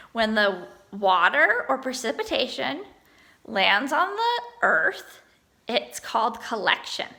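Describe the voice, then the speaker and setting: A woman teaching an online lesson to young children, encouraging them and sounding out words slowly. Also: a little high, creaky, sharp tone.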